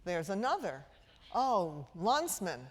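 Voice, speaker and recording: A woman's voice: mid-range voice, sing-song, takes it slowly. A middle-aged woman from Brooklyn lecturing parents as a speech-language pathologist, theatrical and playful, asking the audience questions. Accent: trained-out Brooklyn New York. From Brooklyn, New York. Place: large auditorium before a live audience. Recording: lecture hall with long reverb.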